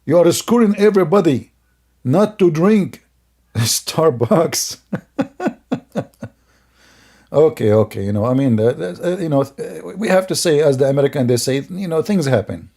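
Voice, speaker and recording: A man's voice: fairly high pitch, expressive, a little slow, vocal fry, pauses often, dark tone. A man giving sarcastic, scornful commentary on a video, laughing often as he mocks it.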